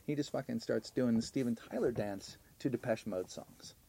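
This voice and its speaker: A man co-hosting a podcast, telling stories in animated, profane, casual comedy chat. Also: mid-range voice, normal speed, vocal fry. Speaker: podcast co-host.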